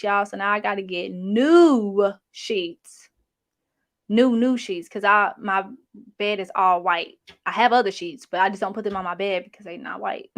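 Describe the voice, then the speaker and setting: A young adult woman hosting a casual livestream, reading chat comments in a chatty, sassy, slangy way. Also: medium pitch. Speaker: channel host reading live chat.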